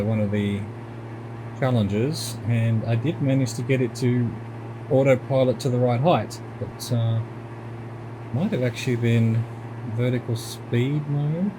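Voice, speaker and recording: A man's voice: mid-range voice, noisy background. A middle-aged Australian man giving gameplay commentary as a streamer, musing and talking himself through what he is doing at home.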